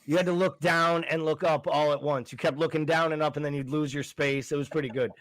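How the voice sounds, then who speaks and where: A man's voice: fairly high pitch, steady tone, fairly quick, a bit bright. A man co-hosting a podcast, talking in a blunt, sarcastic, mocking way. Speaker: podcast co-host. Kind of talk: casual podcast chat.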